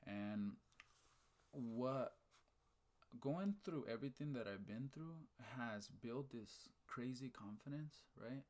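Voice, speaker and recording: Taking it slowly in a medium-pitched voice, a man tells an energetic story in casual conversation. He's an animated, fired-up storyteller who repeats "right?" and "okay?" again and again, drops casual swear words, and brings up faith.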